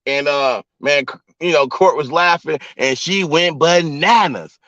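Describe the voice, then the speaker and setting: Speaking on the high side and a little slowly, with a bright, forceful tone, this man vlogs from a vehicle, casually telling stories to his live chat. He's loose and profane and addresses viewers directly. The lo-fi phone recording is dull and dry, with no room sound.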